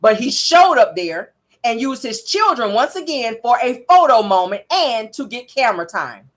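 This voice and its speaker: A woman's voice: on the high side, big pitch swings, normal speed. A woman hosting a casual reality TV recap, telling the story to viewers and calling them y'all.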